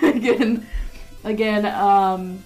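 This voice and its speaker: A woman's voice: medium pitch, extremely slow, darkish tone, faint music behind, rough recording. A woman who is a guest on a casual podcast, giggling often and hesitating with frequent ums as she searches for words. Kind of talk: casual chat.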